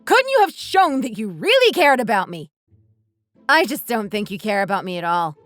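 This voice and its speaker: A woman's voice: medium pitch, very animated, normal speed, a bit bright, dry recording. Brief: woman as fed-up wife, accusing tone, light music behind, dry close sound. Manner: bitter, accusing, blunt. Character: resentful wife fed up with her husband. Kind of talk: scripted dialogue drama.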